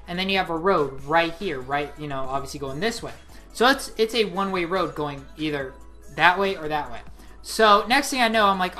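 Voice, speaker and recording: Late-teen woman, casual vlog storyteller; bright, punchy tone, rambling and excitable. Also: fairly low pitch, normal speed, soft background music. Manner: excitable, rambling, heavy use of 'like'. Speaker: vlogger.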